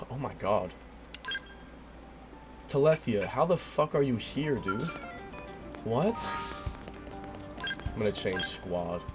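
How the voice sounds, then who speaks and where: A man's voice: mid-range voice, very animated, slow pace, long pauses, over music. A young man streaming a game live, baffled and swearing, repeating himself, his voice cracking and cutting out.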